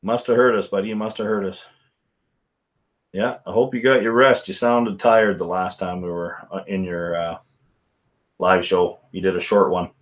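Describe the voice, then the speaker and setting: A man's voice: low-pitched, little pitch movement, normal speed. A man hosting a casual whisky live stream, rambling and chatting with viewers by name. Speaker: livestream host.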